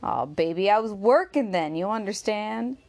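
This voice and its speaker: A woman's voice: medium pitch, animated, normal speed, creaky, darkish tone, pitched above the performer's own voice. Woman doing a coaxing young man, Bigger. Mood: pleading. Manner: drawling, wheedling.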